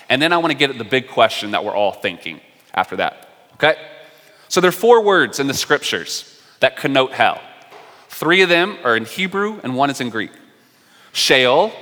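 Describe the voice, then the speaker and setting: A man's voice: mid-range voice, pushed and bright, in a large hall. A man preaching a sermon as pastor, conversational and explanatory, with casual asides.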